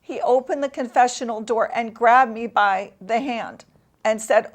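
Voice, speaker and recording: A woman guest in an interview, telling a painful personal story in an emotional, halting way with long pauses. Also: on the high side.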